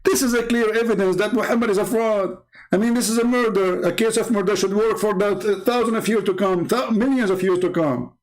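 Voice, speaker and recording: A man's voice: high voice, fairly quick. A man hosting polemical commentary, talking in a mocking, sarcastic way and laughing at his own jokes. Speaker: host.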